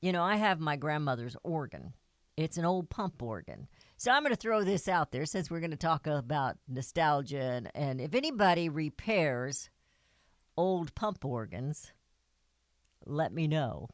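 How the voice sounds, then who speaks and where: A woman's voice: low voice, very animated, a little slow, no room sound. A woman hosting a talk radio show, speaking in an earnest, folksy manner into a studio microphone.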